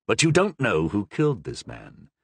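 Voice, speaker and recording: A man doing a low, guarded old cardinal. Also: very animated, normal speed, fairly bright tone, slightly rough, no room sound. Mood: measured. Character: shrewd, guarded older male cardinal.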